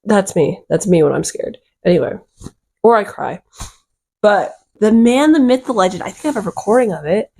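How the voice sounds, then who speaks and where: A woman vlogger telling a rambling, excitable storytime, full of fillers and little giggles. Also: medium pitch, normal speed, husky. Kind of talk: casual storytime chat.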